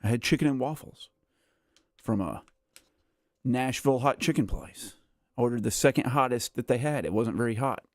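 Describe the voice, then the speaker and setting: Chatting through a relaxed live gameplay stream, this male host rambles and mocks himself with a weary, worn-out air. He talks at normal speed with frequent pauses in a medium pitch, captured cleanly in a studio with no room sound.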